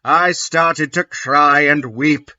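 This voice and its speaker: A man reading aloud as a melodramatic goth teenage girl, slow and mock-dramatic. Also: on the high side, steady tone, bright, forceful tone, highs cut off, full character voice. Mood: mock-tragic.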